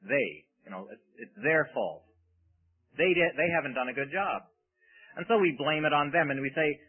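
Male preacher, emphatic sermon with rhetorical questions, a very animated pitch, tinny radio sound. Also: slightly rough.

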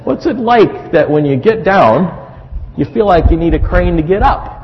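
A middle-aged man preaches in an animated, chatty way, asking the congregation questions as he goes. His voice sits fairly high with a gravelly edge. It is a dull, lo-fi recording with a long reverb from a large hall and faint noise underneath. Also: normal speed. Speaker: pastor. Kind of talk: sermon on marriage.

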